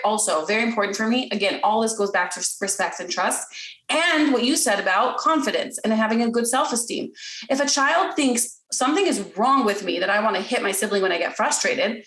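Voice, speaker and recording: A woman's voice: fairly high pitch, fairly bright tone, reverberant. A woman guest in a podcast interview, explaining parenting in an earnest, step-by-step way and acting out lines a parent or child might say. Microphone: podcast recording.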